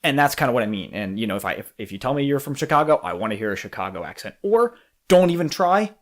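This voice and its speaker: Lively, cursing male podcast co-host. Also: medium pitch, fast talker. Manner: animated, profane, talks through thoughts with restarts. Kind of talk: casual podcast chat.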